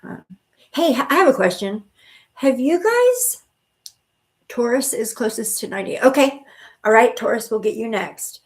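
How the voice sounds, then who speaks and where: A woman's voice: fairly high pitch, brisk. A middle-aged woman hosting a live stream of spiritual readings, chatting casually and reassuring viewers with pet names like honey and sweetheart. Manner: chatty with frequent restarts and fillers.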